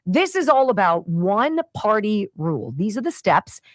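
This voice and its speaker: A woman hosting a talk radio show, delivering an indignant, animated opinion monologue into a studio microphone. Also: mid-range voice, measured pace, dry recording.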